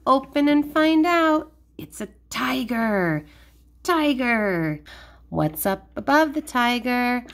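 A woman hosting a kids' learning video, giving a playful toy demonstration for toddlers in a slow, clear, sing-song way. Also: on the high side, animated, fairly bright tone.

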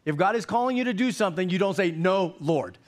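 A man's voice: high-pitched, expressive, racing. A man in his fifties preaching a sermon in a church, folksy and joking, often repeating words as he goes. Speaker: pastor.

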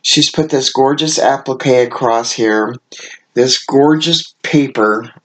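A woman's voice: a bass voice, slow pace, fairly bright tone, slight background noise. A woman hosting a card-making channel, gushing as she unboxes crafting gifts sent by a friend, gasping and exclaiming over each item. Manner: effusive and gushing, with frequent gasps and exclamations. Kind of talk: casual unboxing of mailed gifts.

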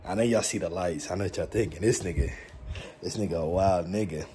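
Young male vlogger, deep-ish and soft-toned, cocky and playful, talks loose street slang to camera. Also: fairly quick, a little hiss or hum. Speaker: mukbang vlogger. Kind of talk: casual slangy vlog chat. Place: his bedroom lit with colored LED lights.

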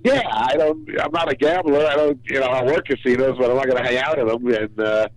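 An older man calling in, chatting in a jolly, self-mocking way with quick asides. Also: medium pitch, no echo, rough recording. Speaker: caller, working comedian. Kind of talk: casual phone chat.

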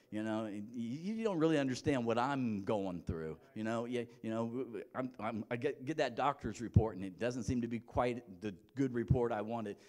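Conversational pastor preaching. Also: male voice, medium pitch, brisk. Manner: conversational preaching, many restarts, swings between soft and emphatic. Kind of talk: sermon.

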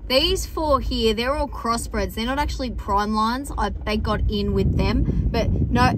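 Background noise runs under a young Australian woman's slightly high voice as she narrates a casual vlog from her farm. She's chatty and dry-humored, with the odd exasperated call to the sheep.

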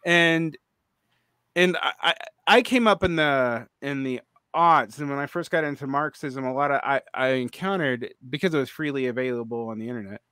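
A man's voice: medium pitch, normal speed, pushed and bright, clean tone, no room sound, studio quality. A man in his forties hosting a podcast, chatting casually, rambling and restarting often with many fillers. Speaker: podcast host. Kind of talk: casual conversation.

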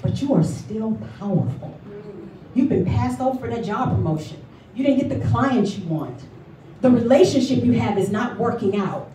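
A woman giving a lively motivational speech at a luncheon, telling her story and calling for responses from the audience. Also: a little high, normal speed, a little hiss or hum. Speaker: motivational speaker. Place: event hall at a luncheon. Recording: echoey hall recorded from far off.

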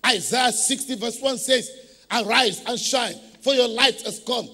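A man's voice: very high-pitched, a little slow, pushed and bright, long reverb tail. A man preaching a sermon as pastor, emphatic, leading the congregation in call-and-response.

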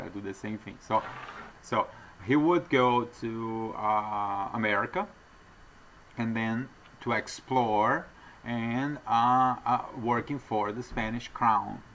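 A man's voice: lowish voice, unhurried, a bit bright, a little hiss or hum, low-quality recording. A man with a non-native English accent, talking to viewers in a digressive, earnest monologue with apologetic asides. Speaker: vlogger addressing viewers. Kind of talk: rambling off-the-cuff monologue.

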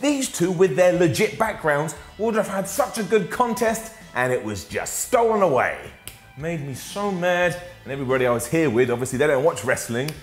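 A man's voice: on the high side, animated, normal speed, reverberant, soft background music. A British man recapping a wrestling show in a sarcastic, jokey way, acting out quotes.

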